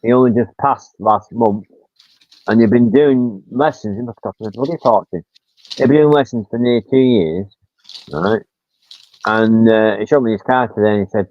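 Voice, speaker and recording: A man's voice: mid-range voice, fairly quick, no echo. Brief: man, fifties, rambling chatty host, tinny dry phone-like audio. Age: 50s. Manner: rambling storyteller, swears casually, acts out quotes. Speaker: livestream host. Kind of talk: casual chat.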